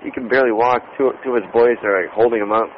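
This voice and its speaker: A man's voice: mid-range voice, fast talker. A man phones in from out on a street, his voice dull and muffled with a faint hiss and some traffic behind. He rambles, swears and laughs through casual chat. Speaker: phone-in co-host. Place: outdoors on a street.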